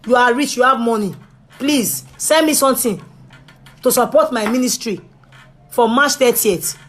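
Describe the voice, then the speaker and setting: A young woman with a Nigerian Pidgin English accent, chatting straight to her viewers in a pleading, animated way that drops to a hush and rises loud. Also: fairly high pitch, moderate pace. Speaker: vlogger. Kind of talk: casual direct-to-camera talk.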